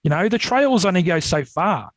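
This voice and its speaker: Australian man, casual rambling yarns, slightly high voice, dry studio mic. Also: moderate pace, no echo, rough recording. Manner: rambling, animated when retelling scares. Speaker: podcast guest, Yowie researcher. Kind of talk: casual storytelling.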